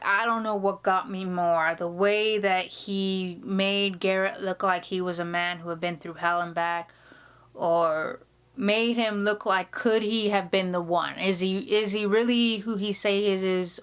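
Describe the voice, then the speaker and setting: A woman's voice: mid-range voice, steady tone, unhurried, a bit bright, clean tone. Chatty woman telling a story. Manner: chatty, laughing storyteller with many restarts. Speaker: vlogger. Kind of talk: casual chat. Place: indoor room.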